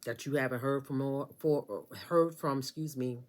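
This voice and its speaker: A woman with a rumbling low, darkish voice reads tarot at a moderate pace in a casual style. She addresses the listener head-on, sassy and emphatic, and repeats phrases for effect.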